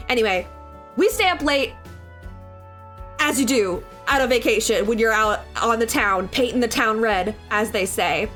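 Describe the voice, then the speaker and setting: Working on digital art, a young woman with a bright, high voice tells stories casually at a normal pace. She's chatty and rambling, swears freely and laughs often, while soft music plays quietly in the background.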